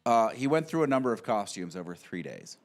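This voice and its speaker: A man's voice: lowish voice, very animated, a little fast. Dry-humored man telling stories. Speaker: podcast guest. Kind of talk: casual chat.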